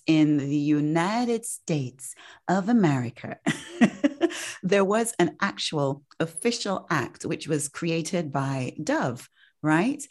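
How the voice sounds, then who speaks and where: A woman's voice: sits low, darkish tone. A woman hosting a casual podcast chat, chatty and emphatic, often laughing. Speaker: podcast host.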